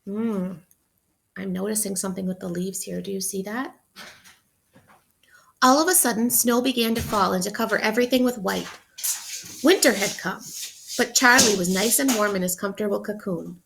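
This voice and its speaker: A woman teacher reading a picture book aloud to children, expressively, pausing to ask them questions. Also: medium pitch, vocal fry, a bit bright, a little hiss or hum. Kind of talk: interactive read-aloud for children.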